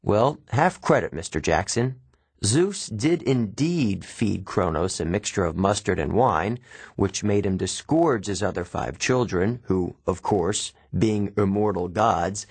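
A demanding male teacher read by a man speaks in formal, measured sentences. The low voice has a husky grain and moves with lively inflection. It is recorded dry and close. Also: no echo, full character voice. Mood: stern.

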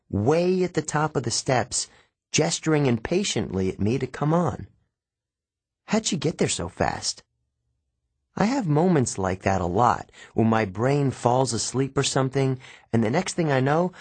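Husky-voiced man reading a novel aloud. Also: medium pitch, dry recording. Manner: expressive, wry storytelling. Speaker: audiobook narrator. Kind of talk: first-person novel narration.

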